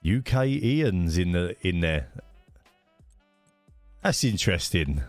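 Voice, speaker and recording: Low-voiced man streaming a racing game. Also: big pitch swings, slow pace, no echo, faint music behind. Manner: chatty, greets viewers by name, many fillers. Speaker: streamer hosting a racing league. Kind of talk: casual live-stream chat.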